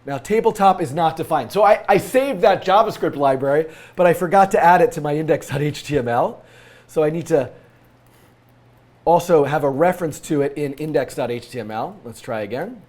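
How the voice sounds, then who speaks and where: A man's voice: fairly high pitch, expressive, a little fast, a little mellow. A man with a scratchy voice from a cold, hosting a live-coding tutorial and thinking aloud with frequent fillers.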